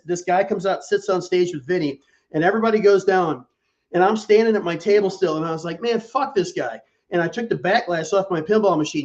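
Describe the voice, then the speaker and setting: A man telling a story in casual chat, animated and profane. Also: high-pitched, highs cut off.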